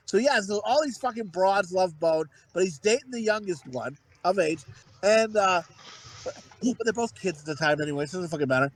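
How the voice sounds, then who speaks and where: A man co-hosting a podcast, telling rambling, profane stories in casual chat, full of fillers and restarts. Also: sits high. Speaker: podcast co-host.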